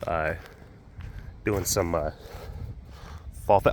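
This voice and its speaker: Outdoors at a wild animal facility, a man with a slightly high, fairly bright voice speaks at normal speed with lively intonation and frequent pauses, over a little hiss or hum. As keeper and webcast host at a big cat sanctuary, he rambles casually to camera, restarting sentences, laughing often and sometimes mimicking animals.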